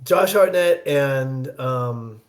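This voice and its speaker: A man from the American Midwest telling a rambling, self-deprecating story in casual chat, getting animated when he quotes himself. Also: medium pitch, extremely slow, reverberant. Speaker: guest actor.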